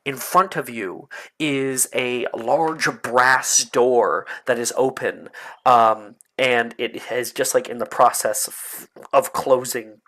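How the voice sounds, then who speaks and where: Man, game master, slow, halting, narrating a tabletop game. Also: medium pitch, a bit bright. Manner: slow, hesitant narration with many fillers.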